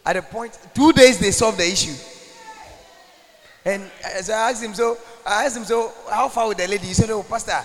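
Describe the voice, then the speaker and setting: A man's voice: sits high, moderate pace. A man preaching as a pastor, telling stories with laughs and then praying, while an interpreter follows him. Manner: storytelling, laughing, prayerful. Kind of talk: sermon with interpreter. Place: large church hall. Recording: hall reverb.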